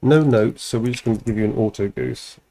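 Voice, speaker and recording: A man's voice: fairly low pitch, fairly quick, dark tone, slight background noise. A man chatting casually on a livestream while signing autographs, playful and giggly, swearing freely.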